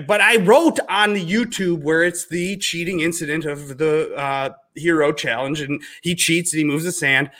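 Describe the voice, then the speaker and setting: A man in his thirties from Minnesota with a Minnesota accent, chatting casually on a podcast and telling stories with exaggerated outbursts. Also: on the high side. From Minnesota, US Midwest. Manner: animated storyteller, jumps into exaggerated outbursts. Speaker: podcast guest, realtor.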